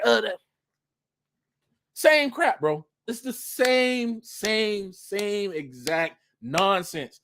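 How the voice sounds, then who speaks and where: A man with a notably high voice for his sex, talking in a loose, slangy way. He delivers a casual religious commentary monologue, animated and quick to laugh. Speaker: vlogger.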